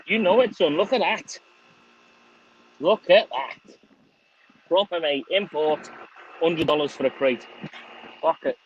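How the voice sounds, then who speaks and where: A man's voice: fairly high pitch, slow, long pauses, slight background noise. A middle-aged man with a Scouse accent chatting casually on an outdoor livestream, swearing freely and thanking viewers by name. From England. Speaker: vlogger. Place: outdoors on a windy sunny day. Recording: slightly dull lo-fi stream audio.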